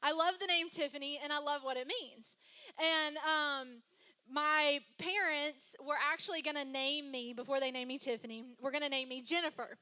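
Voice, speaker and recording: A young woman pastor preaches from a church stage into a microphone. Her voice sits high and rings bright. She talks in a chatty, personal way, telling stories and tossing in asides to the congregation. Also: fairly even intonation, normal speed. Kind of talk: sermon.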